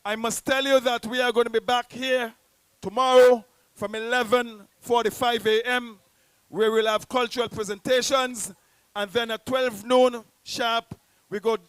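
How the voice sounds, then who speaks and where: High-voiced Nevisian man emceeing a poetry show. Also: fairly even intonation, a little slow, a bit bright, clean tone, dry recording. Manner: theatrical crowd-rousing announcer. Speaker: host. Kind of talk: live event emcee. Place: outdoor public square.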